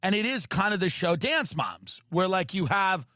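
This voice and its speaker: A man hosting a podcast, riffing in a profane, animated comedic rant. His voice is bright and fairly high, and it sounds close and dry. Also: moderate pace, dry recording. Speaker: podcast host.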